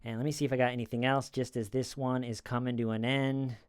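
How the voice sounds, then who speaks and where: A man's voice: medium pitch, little pitch movement, quick pace, smooth, dry recording. Male true crime commentator, casual and rambling, resonant voice, dry close mic. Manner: rambling, acts out quoted lines in a raised voice.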